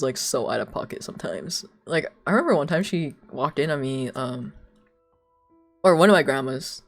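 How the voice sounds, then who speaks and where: A young woman streamer chatting casually and rambling through stories, laughing often and leaning heavily on filler words. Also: rumbling low. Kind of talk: casual chat on a live stream.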